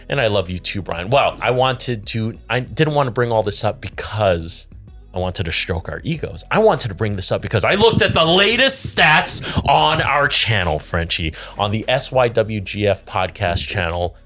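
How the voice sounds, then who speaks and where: A tipsy man hosts a casual podcast, chatting and laughing as he reads out viewer comments. His voice swings freely up and down in pitch, with soft music faintly underneath. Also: animated, normal speed. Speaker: podcast host.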